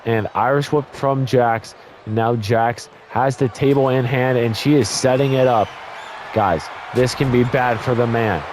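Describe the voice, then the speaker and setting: A young male gaming YouTuber with a mid-range, worn voice commentates a wrestling game at a measured pace, his play-by-play eager and excitable. He blurts exclamations, stumbles and corrects himself, and his voice is tiring from all the talking. A faint hiss sits beneath the recording.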